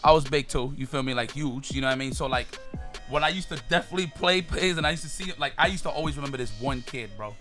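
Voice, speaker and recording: Brief: fast-talking New host, lively swooping pitch, music clear behind. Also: male voice. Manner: fast, excitable, swears freely. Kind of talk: casual chat.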